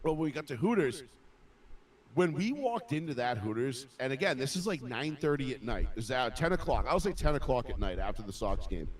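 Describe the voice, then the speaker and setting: A man's voice: medium pitch, very animated, brisk. A man from the Boston area telling a long, rambling, profane story in a casual podcast chat. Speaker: podcast host.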